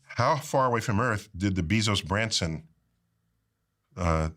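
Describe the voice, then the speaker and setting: A man explaining things in an interview clip, animated and quizzing the person with him. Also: on the low side, unhurried.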